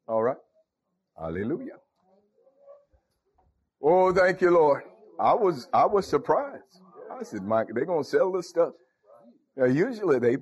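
A man's voice: medium pitch, darkish tone, breathy edge. A man preaching a folksy sermon, calling out to his congregation. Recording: dull lo-fi recording.

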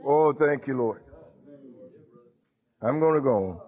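A man's voice: medium pitch, animated, slow pace, pauses often, muffled recording. A man preaching a sermon, calling out to the congregation and breaking into sung lines.

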